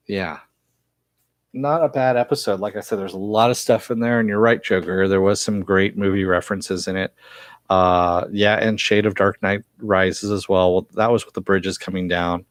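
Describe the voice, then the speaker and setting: A man's voice: lowish voice, a little slow, long pauses, dry recording. A man casually recapping and reviewing a TV episode, rambling with many fillers. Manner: rambling, filler-heavy retelling.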